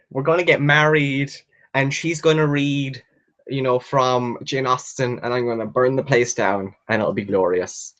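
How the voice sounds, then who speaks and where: A man's voice: mid-range voice, takes it slowly, fairly bright tone, highs cut off. A young man hosting a book live stream, chatting casually and answering viewer comments, gushing and rambling with lots of fillers and the odd swear word. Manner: reads viewer comments aloud and answers them.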